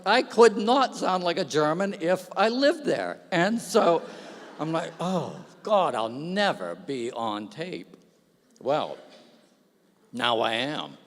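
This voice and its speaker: A man giving a self-deprecating, storytelling speech from the stage at an awards gala, speaking into a stage microphone. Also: high voice. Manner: self-deprecating, animated anecdotes. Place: large hall. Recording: long hall reverb.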